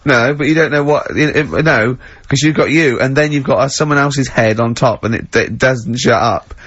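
A man's voice: mid-range voice, moderate pace, fairly bright tone, breathy edge, dry recording, dull audio. A man hosting a casual radio show, teasing and laughing as he talks, hungover. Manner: teasing, laughs often, mock-exasperated.

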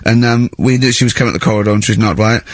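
Middle-aged host, husky, dry-miked, chatty anecdotes with acted-out voices. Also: male voice, on the low side, racing, no room sound. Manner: animated storyteller, acts out shouting characters. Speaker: podcast host. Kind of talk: casual chat.

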